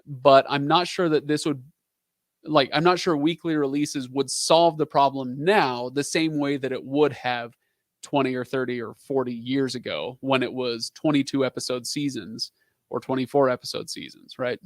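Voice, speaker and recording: A man in his thirties chats his way through viewer questions on a live stream, rambling from topic to topic with plenty of fillers. His voice sits at a middle pitch. The sound is dry and close, with no room echo. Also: fairly even intonation, moderate pace. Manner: chatty, rambling, with frequent fillers and asides. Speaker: livestream host answering viewer questions. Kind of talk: casual live-stream chat.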